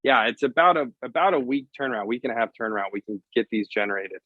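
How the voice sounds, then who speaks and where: A man speaking as a vendor guest in a casual video interview, giving an upbeat sales pitch and spelling out web addresses. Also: animated, fast. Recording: dull, dry lo-fi audio.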